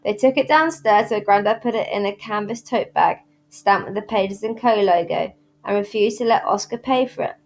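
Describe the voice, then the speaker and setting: A woman reading a children's novel aloud in clear, steady storytelling. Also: medium pitch, normal speed. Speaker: reader at a school.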